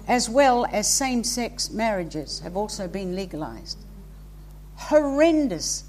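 A woman with a high voice preaches with fervor, pressing her listeners with questions and emphatic calls. Her pitch swings upward when she presses a point. A faint hum sits under the speech. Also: a little mellow. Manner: impassioned, exhorting, rising to emphatic peaks. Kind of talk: sermon. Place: hall with a congregation.

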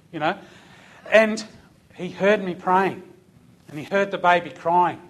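An older Australian man, a police officer, telling a lively testimony story in church and acting out the voices. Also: sits high, unhurried, pauses often.

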